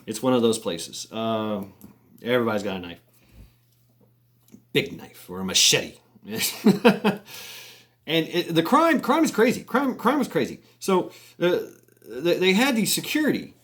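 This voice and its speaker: A man of ordinary pitch spins a long yarn in a loose, conversational way. He stumbles and restarts his sentences often, drops casual profanity and chuckles along the way. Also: sing-song, a little slow, long pauses, fairly bright tone. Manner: rambling, many restarts, swearing, chuckles. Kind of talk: casual spoken storytelling.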